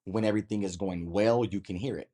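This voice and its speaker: A man hosting a life coaching talk, giving calm, measured advice. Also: lowish voice.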